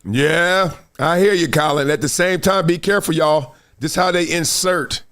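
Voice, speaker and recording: Man, middle-aged, sports talk host, high voice, emphatic, storytelling, live stream. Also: moderate pace, a bit bright, smooth.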